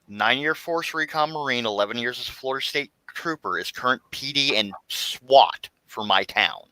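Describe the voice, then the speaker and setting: A man telling a long anecdote in casual podcast chat, halting often with fillers and restarts. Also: mid-range voice, bright, forceful tone, no room sound, rough recording. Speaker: guest storyteller.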